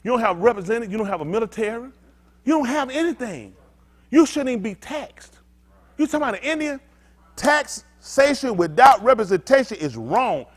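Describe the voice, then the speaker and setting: High, lively-voiced blunt male preacher. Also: fairly quick. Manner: emphatic, swinging between loud outbursts and low muttered asides; blunt, street-talking preacher. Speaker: pastor. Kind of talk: sermon teaching with call-and-response.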